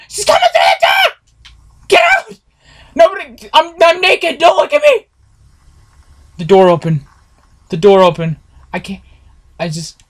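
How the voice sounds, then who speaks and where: Jittery man narrating a horror game. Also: fairly high pitch. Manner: jumpy, nervous chatter to viewers with frequent swearing. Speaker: gameplay streamer. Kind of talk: horror gameplay commentary.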